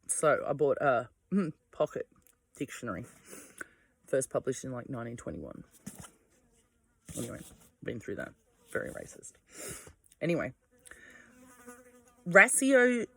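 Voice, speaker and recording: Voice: mid-range voice, a bit bright, no echo. A vlogger with an Australian accent, talking casually at home in a digressive way and swearing easily. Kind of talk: casual rambling monologue. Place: home without power, by candlelight.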